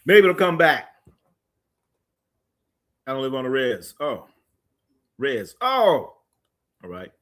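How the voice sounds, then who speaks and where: A man hosting a casual sports livestream, joking and chatting loosely while reading live comments, with sudden animated bursts. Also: medium pitch, takes it slowly, long pauses.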